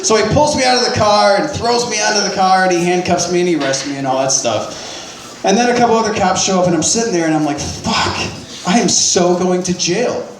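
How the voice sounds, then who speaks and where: A man's voice: sits high, fast, echoey room, slight background noise, low-quality recording. A man telling a personal story in a casual, profane, self-deprecating way, with lots of restarts.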